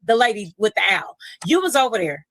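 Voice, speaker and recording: A woman's voice: medium pitch, sing-song, brisk, fairly bright tone, no echo, rough recording. A woman on a livestream recapping a dispute and questioning a guest directly. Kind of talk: casual livestream chat.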